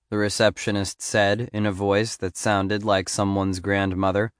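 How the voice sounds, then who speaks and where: A man reads a first-person memoir aloud in a measured, storytelling manner. His voice is low and smooth and resonant, recorded close on a dry studio mic. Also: level tone, no echo. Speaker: audiobook narrator.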